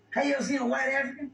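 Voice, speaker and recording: Brief: high-pitched man, stammering storyteller, recorded far off in a roomy space. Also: gravelly, a bit bright. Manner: rambling, stammering with repeated words. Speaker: interview guest. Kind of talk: casual storytelling. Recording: echoey room, distant mic, faint noise.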